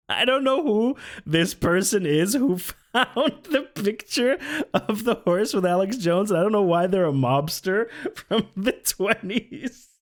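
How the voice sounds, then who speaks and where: A man's voice: sits high, expressive, takes it slowly. A man streaming live, reacting to a video with incredulous, laughing commentary. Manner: incredulous, laughing between remarks.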